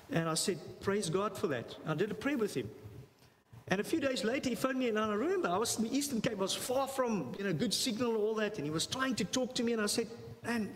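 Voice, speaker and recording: A man giving a church health talk, telling a story animatedly, repeating phrases for emphasis and acting out the dialogue. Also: high-pitched. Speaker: health seminar speaker. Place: church hall. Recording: long hall reverb, faint noise.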